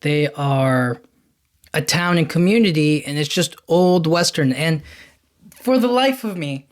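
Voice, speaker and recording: A man's voice: a little high, lively intonation. Rambling man recapping a movie. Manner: rambling, enthusiastic retelling with quick quoted lines. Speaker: podcast host.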